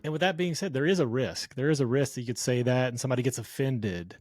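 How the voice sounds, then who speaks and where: A man's voice: mid-range voice, fast, no echo. A man speaking as a podcast guest in an earnest, sincere, motivational way about faith and business. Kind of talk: casual faith-focused conversation.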